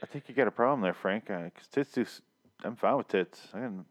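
A man co-hosting a podcast, riffing in crude, sarcastic banter with his friend. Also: fairly low pitch. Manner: sarcastic, riffing, quick to mock. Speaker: podcast co-host.

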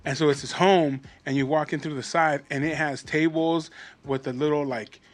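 A man with a slightly high voice chats loosely on a podcast. He drifts from point to point in a relaxed, swearing manner. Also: moderate pace. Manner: laid-back, rambling, profane. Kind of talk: casual chat.

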